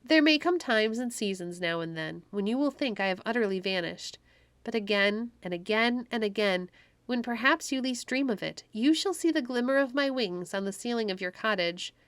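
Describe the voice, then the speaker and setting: A woman's voice: fairly high pitch, animated, normal speed, a bit bright, clear, resonant tone, no echo. A woman voicing a cheerful, tiny winged fairy with a sweet, coaxing manner in a storybook read-aloud. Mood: gentle.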